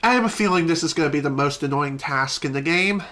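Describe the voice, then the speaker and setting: Bright-voiced woman chatting over gameplay. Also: sits low, fast talker, slight background noise. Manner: chatty and opinionated, with fillers. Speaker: let's play streamer. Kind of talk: casual gameplay commentary.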